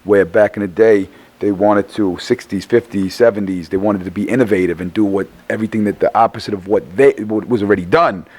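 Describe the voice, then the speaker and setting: A middle-aged man with a low, worn voice, tired and hoarse after performing. He rambles through a casual interview, stammering and restarting phrases and swearing freely. His pitch sits low throughout. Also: a little fast, few pauses, darkish tone. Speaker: rapper guest.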